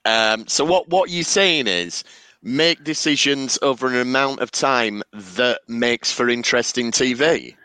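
A man chatting casually as a podcast co-host, relaxed and joking. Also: mid-range voice, a little slow, clear, resonant tone, no room sound, poor audio. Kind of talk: casual chat reviewing a TV episode.

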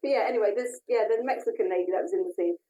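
A woman's voice: mid-range voice, racing, warm tone, low-quality recording. A woman co-hosting a casual podcast from her home over a video call, chatty as she recaps an episode. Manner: chatty, recapping with laughs and fillers. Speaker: podcast co-host. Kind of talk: casual chat. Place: own home.

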